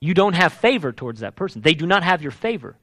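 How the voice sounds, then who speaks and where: Pastor type, male, high bright voice with big swings, emphatic sermon delivery, dry close sound. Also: sing-song, quick pace, no echo. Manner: emphatic, repeats key words.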